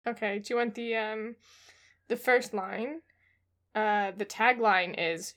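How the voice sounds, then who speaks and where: A woman's voice: medium pitch, steady tone, takes it slowly, fairly bright tone. A woman co-hosting a podcast, teasing her partner with dry, playful remarks. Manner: dry, teasing, laughs easily. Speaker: podcast co-host. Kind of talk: comedic casual chat.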